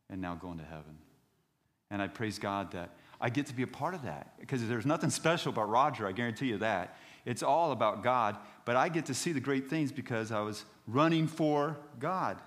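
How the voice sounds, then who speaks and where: A man in his fifties, a pastor preaching a sermon in a church, telling stories and rising to loud outbursts when he reads scripture. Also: on the low side, in a large hall. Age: 50s. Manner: animated storytelling preacher, voice rising to shouts on scripture.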